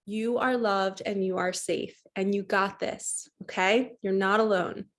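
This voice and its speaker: A woman, the host and a grief coach, reads from her own book and then talks softly and warmly to listeners, a little emotional. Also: mid-range voice, steady tone, measured pace. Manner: soft, gentle and encouraging, calls listeners lovies.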